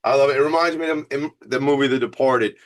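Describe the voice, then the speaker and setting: Energetic Long Island host, rambling. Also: male voice, medium pitch, quick pace. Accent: Long Island New York. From Long Island, New York. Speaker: podcast host. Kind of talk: casual interview chat.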